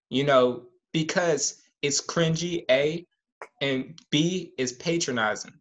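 A man's voice: a little high, moderate pace, a bit bright. A man in casual chat, earnest and a little hesitant, telling stories from his own life. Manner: earnest, tells personal stories, some hesitation.

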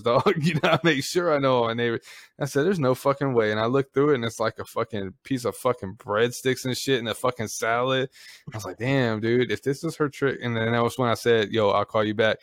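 A man hosting a casual podcast, telling stories with heavy swearing and lively ups and downs. His voice is recorded dry and close, with no room around it. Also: mid-range voice, a little fast, no room sound. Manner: animated storytelling, heavy cursing. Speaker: podcast host. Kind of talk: casual chat.

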